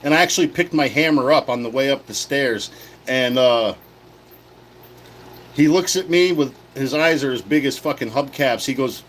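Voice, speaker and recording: A man of middle pitch tells a story casually and heatedly, with a swear in nearly every line. He talks bluntly, like a guy venting to friends. A light background hum sits under his voice. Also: unhurried, long pauses, rough recording. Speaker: livestream host.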